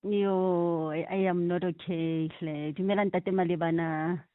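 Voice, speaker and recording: A South African woman phones in to a radio show to give a tribute, speaking effusively and mixing in Sesotho phrases. Her voice is on the low side, steady in tone and unhurried. The phone line sounds tinny and dry, with no room sound.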